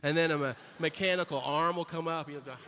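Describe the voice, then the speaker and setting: Man doing stand-up, somewhat high voice, profane exasperated rants, long hall echo, audible room ambience. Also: fairly even intonation, fast, background noise. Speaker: stand-up comedian. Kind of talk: stand-up comedy set.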